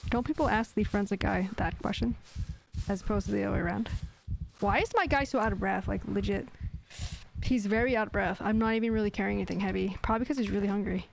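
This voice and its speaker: A woman streaming a survival game live, chatting casually and getting jumpy and excited as she hunts. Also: mid-range voice, fast, gravelly, a little hiss or hum. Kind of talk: live gameplay chat.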